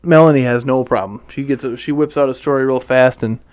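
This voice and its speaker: Smooth-voiced man recapping a movie. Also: medium pitch, fairly even intonation, a little mellow, no room sound. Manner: retells scenes acting out the lines in quick quotes. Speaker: podcast co-host. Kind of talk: casual movie recap chat.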